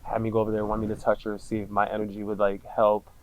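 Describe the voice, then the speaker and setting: A man in his thirties, a podcast guest, telling a personal story candidly, in casual slang with frequent swearing and halting restarts. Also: on the low side, monotone, muffled recording.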